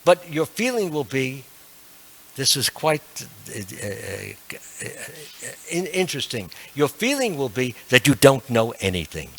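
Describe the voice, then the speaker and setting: A man's voice: mid-range voice, big pitch swings, measured pace, vocal fry, a bit bright, a little hiss or hum. An older man giving a devotional sermon to a temple class, earnest and emphatic with self-deprecating asides. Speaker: monk lecturing a temple class.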